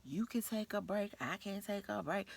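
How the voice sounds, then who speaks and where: A woman voicing an overworked female nurse aide who is furious and swearing, pitched higher than her own voice. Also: moderate pace, creaky. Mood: fed up. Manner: furious, profane, shouting off.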